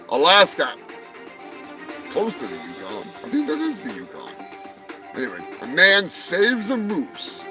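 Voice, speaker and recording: A man hosting a live stream, riffing on animal news in a rambling, profane, jokey way, swinging between loud outbursts and muttered asides. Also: sits high, huge pitch swings, unhurried, long pauses, over music, low-quality recording. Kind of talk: profane comedic news rant.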